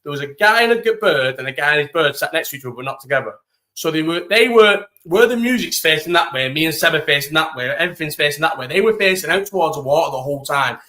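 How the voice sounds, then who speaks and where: A young man hosts a casual live chat, telling a holiday story full of slang and swearing. His voice sits a little high and sounds bright and forceful. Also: lively intonation, fast talker.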